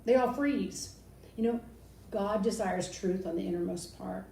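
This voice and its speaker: An older woman giving an animated, casual Christian teaching talk from a balcony, acting out sarcastic quotes as she goes. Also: medium pitch, a little slow, creaky. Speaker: Christian speaker. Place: balcony outdoors. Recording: roomy, distant, faint background noise.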